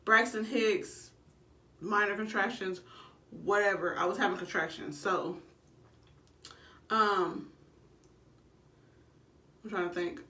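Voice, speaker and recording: A woman's voice: medium pitch, fairly even intonation, takes it slowly, long pauses, pushed and bright. A young woman, telling her labor story to camera in a blunt, casual way and swearing freely. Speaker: vlogger. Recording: echoey room, a bit far from the mic.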